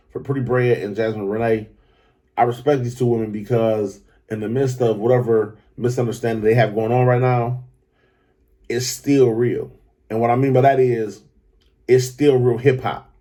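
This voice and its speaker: A man hosting a podcast, talking in a loose, profane, animated commentary style that keeps jumping up into excited high pitches. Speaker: podcast host. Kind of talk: casual commentary monologue.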